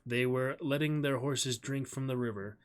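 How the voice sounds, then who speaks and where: Guy on stream reading a novel out loud, steady and measured, mid-pitched voice.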